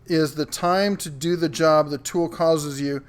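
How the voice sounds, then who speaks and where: A middle-aged man hosts a casual livestream, his voice sitting a little high for a man. He chats loosely, stopping to read viewer comments aloud, often filling gaps with ums and restarts. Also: steady tone, measured pace. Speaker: host of a live tool show reading chat.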